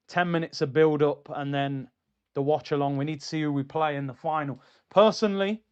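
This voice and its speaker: Young guy hosting a footy watchalong stream, high voice, chatty, kinda lo-fi mic. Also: smooth. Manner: excitable, chatty, reads out viewer comments. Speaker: football streamer host. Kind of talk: casual football watchalong livestream chat.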